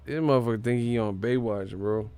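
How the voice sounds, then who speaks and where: A man's voice: mid-range voice, brisk, a little mellow, smooth. Man ranting mockingly on a live stream. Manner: mocking, profane, laughs often. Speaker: boxing commentary streamer. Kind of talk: casual live-stream rant.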